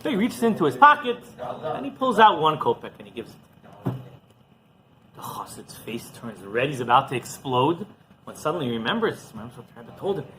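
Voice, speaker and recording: A man's voice: mid-range voice, very animated, brisk, bright, forceful tone, poor audio. A man, a rabbi, telling a story in a sermon and often questioning his listeners.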